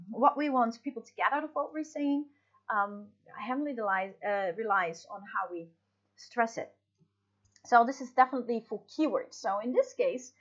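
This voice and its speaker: Bright-voiced woman teacher explaining. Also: a little high, lo-fi sound. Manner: explains patiently, with many fillers and restarts. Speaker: English teacher. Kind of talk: recorded online class lesson.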